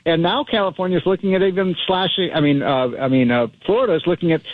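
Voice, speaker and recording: A man speaking as a guest on talk radio, animated and rambling, with frequent restarts. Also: sits high, fast talker, no echo. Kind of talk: talk radio interview by phone. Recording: tinny dry phone line.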